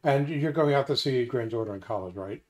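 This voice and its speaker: A man's voice: mid-range voice, lively intonation, fast talker. An older man co-hosting a casual chat, steering the talk with many hesitations. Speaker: co-host.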